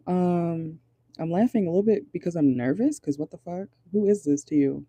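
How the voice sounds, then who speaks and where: A tarot reader with a very dark, mellow voice talks casually from a car, swearing now and then and laughing nervously. The speech stops often while channeling. The sound is dry and close, with no room echo. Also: mid-range voice, normal speed. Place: inside a car.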